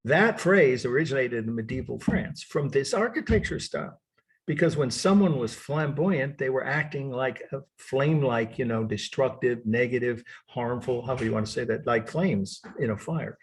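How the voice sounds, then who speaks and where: A man lecturing on art history over a video call, repeating definitions slowly and correcting himself. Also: medium pitch, animated, breathy edge. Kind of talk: online lecture. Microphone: computer mic on video call.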